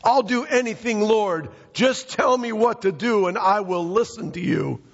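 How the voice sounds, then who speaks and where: Preacher putting on a frantic cliff-dangler, pitched way up, pleading, dull echoey hall sound. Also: male voice, animated, a little slow, gravelly, exaggerated voice. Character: panicked man dangling from a cliff.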